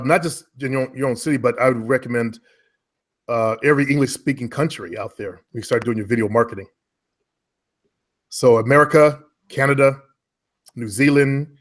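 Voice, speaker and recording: Relaxed man chatting on a call. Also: mid-range voice. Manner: relaxed, rambling, self-correcting. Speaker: online marketing coach. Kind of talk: casual call with a client. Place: at home.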